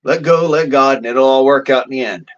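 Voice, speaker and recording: A man's voice: mid-range voice, brisk, lo-fi sound. A man ranting in a vlog, swearing constantly in a blunt, rambling way with folksy slang. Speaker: vlogger.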